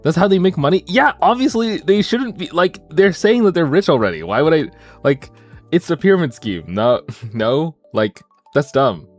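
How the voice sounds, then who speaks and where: A man chatting casually on a stream, jokey and animated, his voice swinging from mumbles to high excited bursts. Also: moderate pace, faint music behind.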